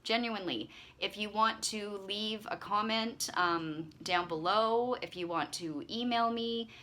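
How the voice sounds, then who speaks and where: A woman's voice: medium pitch, measured pace. A woman hosting her own channel, chatting casually to camera in a rambling, friendly way with lots of fillers. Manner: chatty, warm-hearted rambling with frequent fillers. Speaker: channel host.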